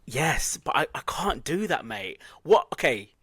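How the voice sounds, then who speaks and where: Lively man telling stories. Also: on the high side, measured pace, a little hiss or hum. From England. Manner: animated storyteller, laughs at himself. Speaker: podcast co-host. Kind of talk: casual chat.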